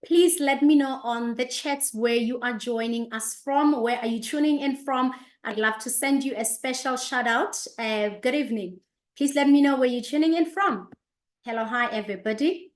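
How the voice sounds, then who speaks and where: A woman in her thirties hosting an online business session, greeting viewers by name and place with lively enthusiasm. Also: a little high, moderate pace. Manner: energetic, repeats greetings, reads out viewers' locations. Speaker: host of an online business presentation. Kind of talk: upbeat live-stream greeting and presentation. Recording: echoey room.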